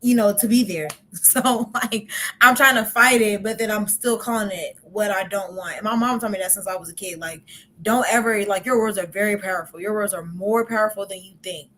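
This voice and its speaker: A woman's voice: medium pitch, a little fast, sharp tone, a little hiss or hum. A young woman hosting a podcast in casual chat, talkative and laughing often, with many "like" fillers. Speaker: podcast host.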